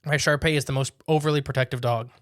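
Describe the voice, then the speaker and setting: A man's voice: mid-range voice, quick pace, no echo. Young man hosting a podcast, dry mic. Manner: animated storyteller, laughs while telling. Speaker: podcast host. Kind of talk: casual chat and reading listener stories aloud.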